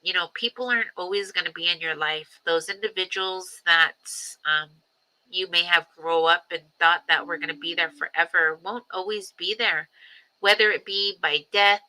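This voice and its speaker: A woman who is a grandmother, hosting a personal livestream and talking reflectively, with frequent ums, pauses and repeated phrases. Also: on the low side, steady tone, sharp tone, low-quality recording. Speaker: livestream host. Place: home livestream.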